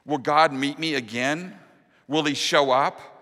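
A man preaching a sermon as pastor, earnest, dropping to a hushed, slow voice on the key promises. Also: a little high. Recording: long reverb of a large hall.

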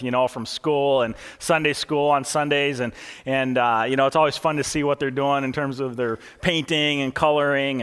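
A man's voice: a little high, sharp tone, clear, resonant tone, long reverb tail. A male pastor in his thirties preaching in a folksy, storytelling way, with frequent fillers. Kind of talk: sermon.

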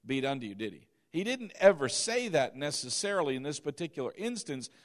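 A man's voice: fairly high pitch, big pitch swings, fairly quick. A male pastor preaching a sermon, reading scripture aloud and repeating key phrases for emphasis, at times asking the congregation to repeat after him.

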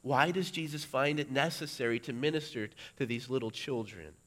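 A middle-aged male pastor preaching a sermon, building to loud, emphatic peaks. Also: medium pitch, normal speed.

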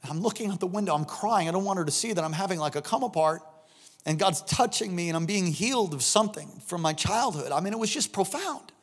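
A middle-aged man preaching a sermon, telling a story and acting out the voices in it, building up to shouts. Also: high-pitched, quick pace. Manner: animated, acts out voices in anecdotes, rising to shouts. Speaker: pastor.

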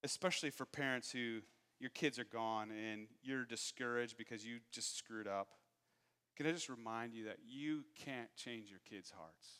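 A man's voice: medium pitch, moderate pace, sharp tone, smooth, long reverb tail. A man in his thirties preaching a sermon, candid and self-deprecating as he tells stories from his own life. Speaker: pastor.

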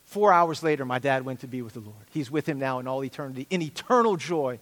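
A man's voice: medium pitch, lively intonation, quick pace, a bit bright. A middle-aged male pastor preaching an earnest, emphatic sermon with repeated phrases. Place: church sanctuary. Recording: long hall reverb.

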